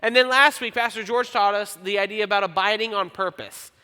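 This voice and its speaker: A man preaching a sermon as pastor, conversational and self-deprecating, reading scripture slowly. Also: high voice, bright, forceful tone, clean tone. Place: church auditorium. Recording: long church hall reverb.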